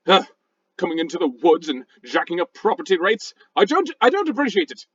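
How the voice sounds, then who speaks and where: A man's voice: high-pitched, big pitch swings, a little fast, slightly rough, dull audio, pitched below the performer's own voice, heavily acted. A man voicing a prissy, easily offended male rock that speaks in a posh British accent with stuffy, old-fashioned phrasing, in a tabletop game. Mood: pompous.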